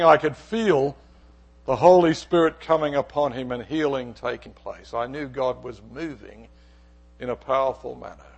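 A middle-aged man preaching a sermon from the pulpit. His voice sits a bit high for a man, and he tells a personal story with animation, acting out the conversation in it. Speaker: pastor.

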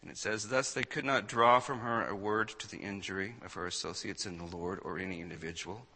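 A man preaching in a church hall, reading an old account aloud with dramatic swings between hushed and booming lines. His voice is bright and forceful. A long echo hangs behind him. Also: brisk, husky. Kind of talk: sermon.

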